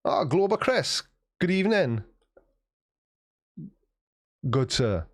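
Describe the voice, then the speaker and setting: A man's voice: a little high, sing-song, slow pace. Wry man hosting a live chat. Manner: wry, self-mocking banter. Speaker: livestream host reading chat.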